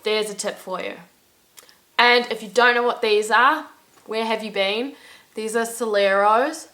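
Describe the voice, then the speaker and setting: A young woman talks straight to camera in a casual travel vlog. Her voice is bright and forceful. She rambles cheerfully and leans on "like" in nearly every sentence. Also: on the high side, a little slow. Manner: chatty, peppered with "like"; upbeat, laughs at her own stories. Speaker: travel vlogger.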